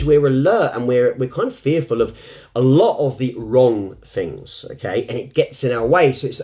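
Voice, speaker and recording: Lively, higher-pitched man musing on camera. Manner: rambling and animated, with frequent restarts and laughs. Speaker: self-help vlogger. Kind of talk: unscripted reflective talk to camera.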